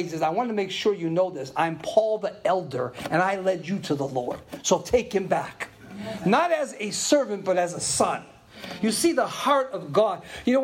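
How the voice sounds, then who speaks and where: An older man preaching a sermon to his congregation, telling stories with chatty asides and frequent laughs, dropping to murmurs and rising to loud exclaims. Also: slight background noise. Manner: animated storytelling, swings from low murmurs to loud exclaims. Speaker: pastor.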